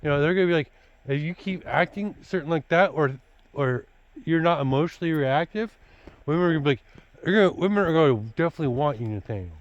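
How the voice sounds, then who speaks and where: A man's voice: fairly high pitch, expressive, fast, no echo, dull audio. A man talking casually to his son about dating, blunt and preachy, looping back with filler words like "you know" and "dude". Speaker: father giving his son dating advice. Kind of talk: casual rambling vlog talk.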